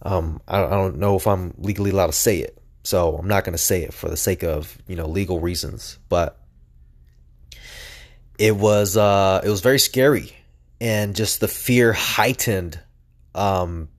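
A man's voice: low-pitched, a little slow. A young man telling a personal story on his own podcast, rambling and earnest, filling his talk with "like". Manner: rambling, heavy use of "like", earnest.

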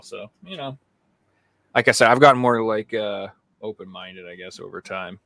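A man chatting casually on a podcast, relaxed and slangy, telling animated stories. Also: low-pitched, fast, vocal fry. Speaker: podcast guest.

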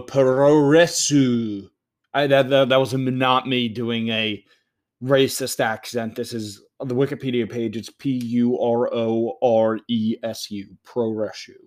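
A man with a medium-pitched voice hosts his show, chatting casually as he plays through a game. He flips between loud, eager outbursts and low muttering to himself. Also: fairly even intonation, unhurried. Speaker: podcast host. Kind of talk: casual live commentary while playing a game.

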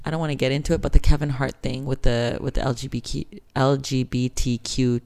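A woman's voice: a bass voice, steady tone, fast, darkish tone. A Canadian woman in her thirties hosting a podcast, talking frankly and casually, with swearing. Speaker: podcast host.

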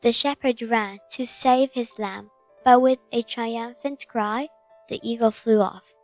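Slow storybook narrator, a woman. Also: fairly high pitch. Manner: slow, gentle storybook reading. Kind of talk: scripted narration of a fable.

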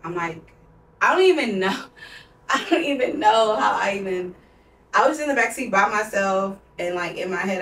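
A young woman in her twenties, a podcast co-host, tells a personal story candidly and emotionally, saying "like" a lot. Her mid-range voice is expressive and fairly bright at a moderate pace. She sounds distant from the mic in a roomy space, with slight background noise.

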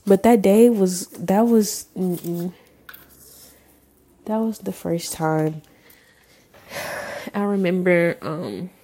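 Woman, 20s, podcast host. Low, mellow, gravelly voice. Candid, casual storytelling with swearing and halting pauses. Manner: frank and raw, casual with profanity, halting pauses. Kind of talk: candid personal storytelling monologue.

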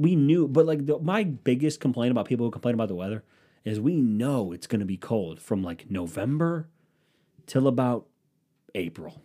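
A man's voice: medium pitch, expressive, moderate pace, mellow, breathy edge. A man from the Cleveland area riffing in a casual, profane, sarcastic monologue. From Cleveland, Ohio area.

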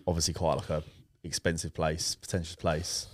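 Man, very low voice, dry close sound, laid-back storytelling. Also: flat delivery, moderate pace, no echo. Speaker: podcast co-host. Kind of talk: casual chat.

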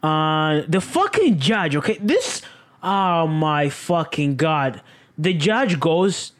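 A speaker casually recapping a crime show, animated and profane, often jumping to high exclaims. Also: slow pace. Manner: animated, swearing, exclamatory, with sudden leaps in pitch.

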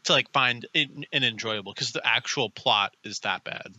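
A man's voice: medium pitch, moderate pace, sharp tone, slight background noise. A man co-hosting a casual movie review podcast, rambling with lots of fillers. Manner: rambling, filler-heavy, laughs often. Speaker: podcast co-host.

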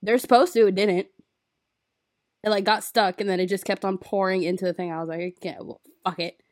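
A woman's voice: mid-range voice, brisk, a little mellow, dry recording, clean studio sound. A young woman in casual chat, telling a story with plenty of swearing.

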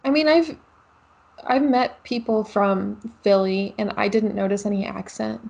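A woman's voice: mid-range voice, fairly even intonation, a little slow, vocal fry, a little mellow, husky, highs cut off. A young woman co-hosting a podcast, chatting casually with wry jokes and giggles. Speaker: podcast co-host. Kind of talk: casual chat.

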